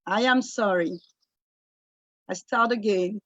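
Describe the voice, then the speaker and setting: Slow, halting French-accented woman. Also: mid-range voice, lo-fi sound, heavy background noise. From Martinique. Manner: halting, searching for words, earnest. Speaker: guest singer. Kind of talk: casual remarks on a video call.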